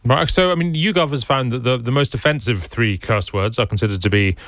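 A man presenting on radio, interviewing guests with brisk, conversational questions. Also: mid-range voice, fairly bright tone, no room sound.

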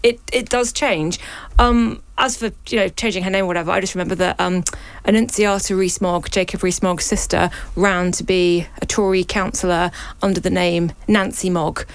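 A woman from North London giving her view on a radio panel, thoughtful and quick. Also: lowish voice, fairly even intonation, clear, resonant tone, no room sound, poor audio. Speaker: panel guest.

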